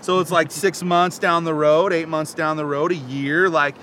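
Bright, animated male co-host, rambling casual talk, faint street rumble. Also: moderate pace. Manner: animated, rambling, laughs often. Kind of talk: casual chat.

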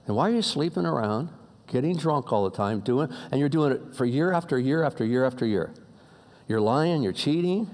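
A man preaching a sermon in a conversational way, dropping low to muse and rising to emphatic appeals, with casual slang and frequent restarts. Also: lively intonation, normal speed, long pauses, a little mellow. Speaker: pastor.

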